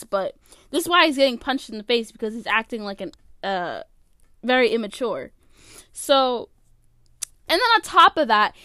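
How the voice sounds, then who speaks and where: A woman's voice: on the high side, a bit bright, smooth, dry recording, clean studio sound. A young woman giving casual, opinionated commentary, rambling with lots of "like" as she goes. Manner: rambling, opinionated, heavy use of "like". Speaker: vlogger.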